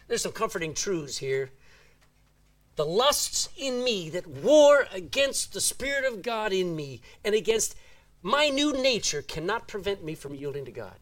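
A man's voice: sits high, big pitch swings, measured pace, a bit bright. A man preaching a sermon, reading scripture aloud and asking the congregation "Amen?".

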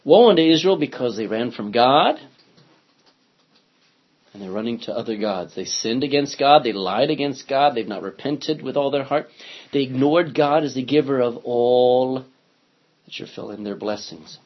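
A male pastor leads a Bible study in a casual, conversational way, reading verses aloud and checking in with his listeners. His voice is husky, and the recording sounds dull and lo-fi. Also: mid-range voice, expressive, moderate pace. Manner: conversational, asks class questions, reads scripture aloud. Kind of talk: interactive Bible study teaching.

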